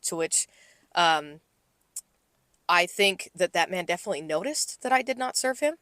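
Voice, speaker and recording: A woman's voice: fairly low pitch, lively intonation, moderate pace, sharp tone, dry recording. A young woman co-hosting a podcast, telling a work story in casual chat full of fillers and acted-out quotes. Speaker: podcast co-host, restaurant server.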